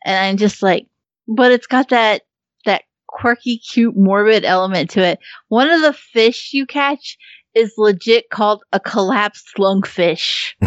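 A chatty woman talking about a game she loves, with frequent laughs, casual swearing and plenty of ums. Her voice is at an ordinary middle pitch for a woman. The recording is dull and muffled, and the sound is dry with no room echo. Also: unhurried. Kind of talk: casual chat.

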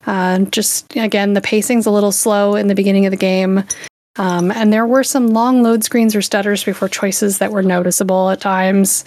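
A woman's voice: mid-range voice, level tone, normal speed, a little mellow. A woman casually reviewing a game on a podcast, easygoing and hesitant, with frequent um and uh.

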